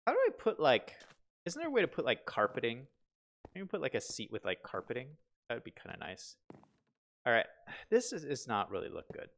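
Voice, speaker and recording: Chatty man streaming, very lively pitch. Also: a little fast, vocal fry. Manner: chatty, reads viewer comments aloud, asks himself questions. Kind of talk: casual live-stream chat while playing.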